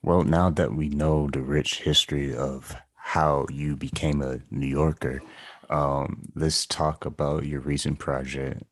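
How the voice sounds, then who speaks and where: A man hosting an interview, asking calm, encouraging questions. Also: very deep voice, unhurried, dry recording. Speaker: interview host.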